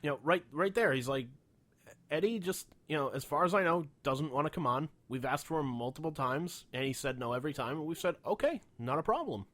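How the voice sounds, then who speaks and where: A man's voice: a little high, a little fast. A man co-hosting a casual podcast, swearing freely and acting out the people in his stories. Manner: profane, animated storyteller acting out quotes. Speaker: podcast co-host.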